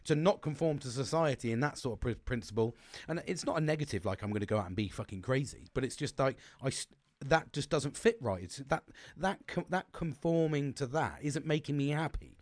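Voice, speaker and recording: A man's voice: medium pitch, animated, a little fast, darkish tone, no echo. A young man, talking in a rambling, sweary, casual monologue full of restarts. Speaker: podcast host.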